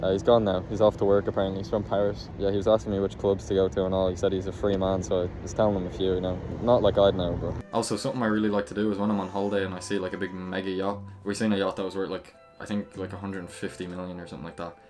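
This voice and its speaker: A man's voice: deep voice, level tone, very fast, few pauses, over music. A young Irish man from Dublin telling a rambling, chatty travel story to camera, full of "like" and "you know". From Dublin, Ireland. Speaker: travel vlogger.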